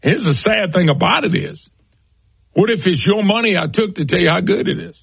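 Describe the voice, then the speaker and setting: Gravelly, husky man, emphatic. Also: high-pitched, expressive, a little fast, a bit bright, dry recording, rough recording. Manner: emphatic, folksy, addresses listeners as folks. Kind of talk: opinionated talk commentary.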